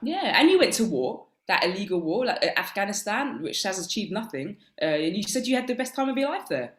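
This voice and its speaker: A woman's voice: mid-range voice, very animated, a little fast, voice pushed up, close to an everyday voice. A woman playing a fed-up young royal wife who complains wryly and hesitantly, over a video call.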